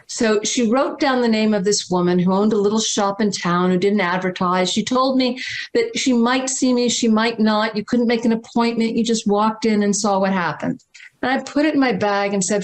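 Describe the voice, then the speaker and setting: A woman guest speaking over a video call, telling a personal story in an emphatic, dramatic way, slowing down and repeating words for stress. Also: medium pitch. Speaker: spiritual teacher and guest.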